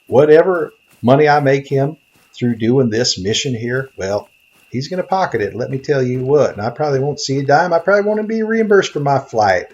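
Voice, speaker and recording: A man's voice: mid-range voice, moderate pace, dull audio, lightly acted. A man playing a naive, bumbling greenhorn hunter and photographer from Tennessee, rambling in a folksy way in comedic game commentary. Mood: grumbling. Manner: rambling, folksy, easily excited. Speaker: gaming video narrator.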